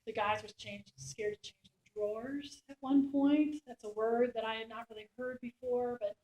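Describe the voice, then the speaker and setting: A middle-aged woman with a fairly high voice tells war stories in a roomy, echoing lecture space. She acts out the soldiers she quotes with lively changes in her voice. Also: normal speed. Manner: animated anecdote-telling, acts out quoted soldiers. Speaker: embedded war reporter speaking to a class. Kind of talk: storytelling talk. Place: lecture room. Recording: echoey room.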